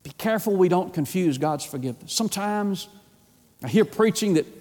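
A male pastor preaching a sermon with passion, swinging between loud, urgent lines and hushed, slow ones. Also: sits high, animated. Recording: long reverb of a large church hall.

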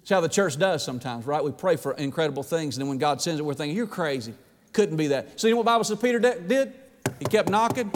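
Brief: pastor, man, animated pulpit delivery, high voice, long church-hall reverb. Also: fast, a little hiss or hum. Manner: animated preaching, dramatizing quoted prayers. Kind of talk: sermon.

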